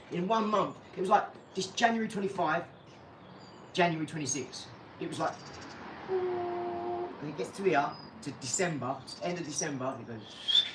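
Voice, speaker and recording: A man, talking bluntly and rambling in a casual vlog, swearing and then apologizing. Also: on the high side. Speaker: channel host. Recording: echoey room, far from mic, clear background noise.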